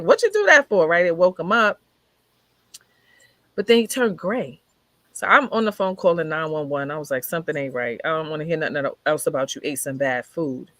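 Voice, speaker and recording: A woman with a fairly low, slightly bright voice shares her life story as a guest in a conversation. She retells it vividly, acting out what people said as she goes. It's a dry recording picked up over a video call.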